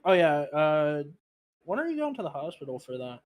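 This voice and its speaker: A man's voice: on the high side, very animated, normal speed, darkish tone. A young man in casual stream chat, easygoing and teasing.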